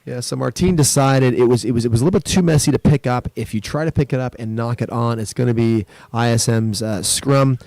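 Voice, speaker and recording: Male rugby commentator, gravelly, dry close sound, explains tactics and rises with the play. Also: darkish tone, no echo. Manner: explanatory, lifts pitch and volume during play. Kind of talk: live sports commentary. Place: school sports event.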